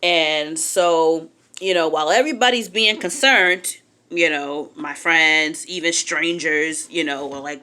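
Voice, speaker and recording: A low, clear, resonant voice belongs to a young adult woman speaking a little slowly. She relates a personal story in an animated, candid, casual manner, performing other people's quotes.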